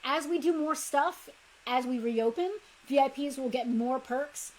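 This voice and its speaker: A woman's voice: sits high, a little slow, darkish tone, poor audio. A woman co-hosting a toy shop's live stream, chatting casually and promoting the membership group. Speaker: co-host of a toy shop live show.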